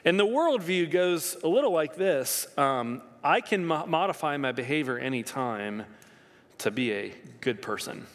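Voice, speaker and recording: A man preaching a sermon as pastor, telling the story with lively swings in his voice. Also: fairly high pitch, a little slow. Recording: long reverb of a hall.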